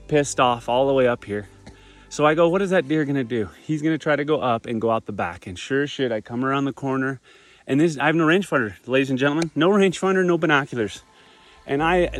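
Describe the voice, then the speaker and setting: A man telling his hunt story outdoors in remote mountain country, excited and emotional, swearing freely in casual vlog talk. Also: medium pitch. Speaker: hunter filming himself.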